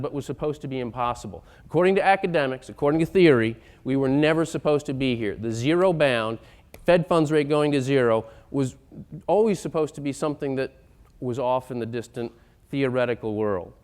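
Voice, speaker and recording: Insistent male speaker, smooth resonant tone, lectures with rising emphasis. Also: medium pitch, fairly quick. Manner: emphatic, building to loud insistent points. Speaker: economic speaker. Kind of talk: lecture-style talk.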